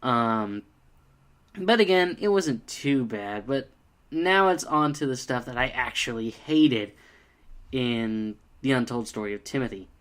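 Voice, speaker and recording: A man's voice: mid-range voice, measured pace. A young man giving a casual, exasperated video review, full of fillers like "uh" and "like.". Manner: exasperated, animated, many fillers.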